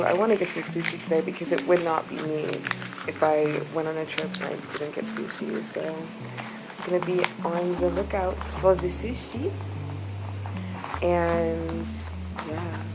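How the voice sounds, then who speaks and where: Woman vlogger, low voice, chatty and giggly, filler words, loud music behind. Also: fairly even intonation, measured pace. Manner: chatty, giggly, lots of likes and ums. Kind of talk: casual vlog talk.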